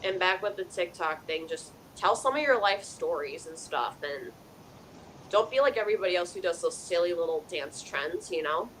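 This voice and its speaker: A woman with a fairly low voice hosts a live psychic call-in show. She talks earnestly and casually, passing on a spirit's words in first person. A faint hiss sits under her voice. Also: expressive, moderate pace, fairly bright tone, rough recording. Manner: chatty with fillers like "you know". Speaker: psychic medium host.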